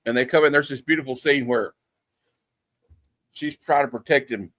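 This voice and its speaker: A man's voice: medium pitch, moderate pace, fairly bright tone, dry recording. A man hosting a casual movie review, telling a story in a loose, rambling way full of fillers and restarts. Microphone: streaming setup.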